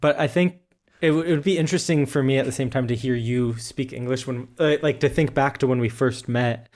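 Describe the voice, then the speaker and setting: A man's voice: mid-range voice, a little fast, a little mellow. A man co-hosting a podcast, chatting casually and asking curious follow-up questions. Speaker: podcast co-host. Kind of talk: casual chat.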